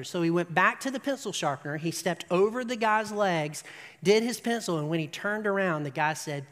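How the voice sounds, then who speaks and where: Animated preacher telling a story. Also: mid-range voice, fairly quick, in a large hall. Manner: animated storyteller, rising to emphatic peaks; asks the audience "right?". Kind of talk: sermon storytelling.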